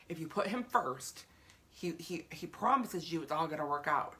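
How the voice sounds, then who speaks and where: Earnest woman, lowish voice, chatty faith vlog to live viewers. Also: expressive, moderate pace, a bit bright. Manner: earnest, chatty, repeats herself; greets live viewers by name. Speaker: faith vlogger. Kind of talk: casual faith talk to viewers.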